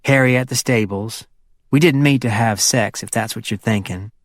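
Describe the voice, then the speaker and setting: A man's voice: normal speed, dry recording, clean studio sound, lightly acted. A man voicing a playful, flirty wealthy woman in her fifties with a Hollywood Southern accent, chatty and teasing. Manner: teasing and chatty, sliding up into a higher voice.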